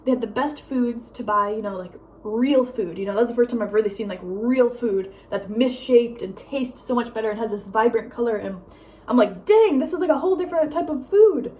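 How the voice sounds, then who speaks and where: A young woman vlogging at home in a casual, rambling chat, full of "like" and "um" and quick laughs. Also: fairly high pitch. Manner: rambling, lots of "like" and "um", laughs often; breezy, drifts between loud and soft. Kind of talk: casual chatty vlog monologue.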